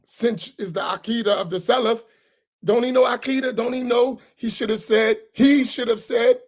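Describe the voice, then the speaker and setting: A man's voice: extremely high pitch, steady tone, normal speed. A man, an imam, teaching a religious class in a heated, sarcastic way full of rhetorical questions. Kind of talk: heated religious lesson, argumentative.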